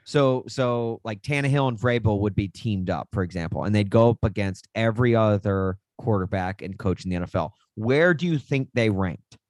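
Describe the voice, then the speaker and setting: A man's voice: lowish voice, moderate pace, few pauses, a little mellow, no room sound. A young man co-hosting a sports podcast, rambling and joking in casual chat. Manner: rambling, self-deprecating, jokey. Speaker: podcast co-host.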